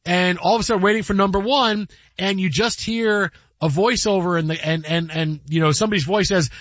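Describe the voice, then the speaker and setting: A man's voice: high voice, fairly even intonation, a little fast, a bit bright, dry recording, lo-fi sound. A man hosting a sports radio show, chatting casually and joking, often slipping into quoted voices. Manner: jokey, rambling, breaks into quoted voices.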